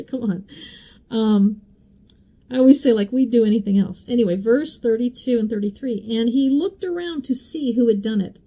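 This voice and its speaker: A woman teaching scripture on a podcast, in a very bright, sharp voice pitched a little high. She talks in an easy, chatty way, with asides and small laughs as she walks through the passage. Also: poor audio. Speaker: bible teacher and podcast host.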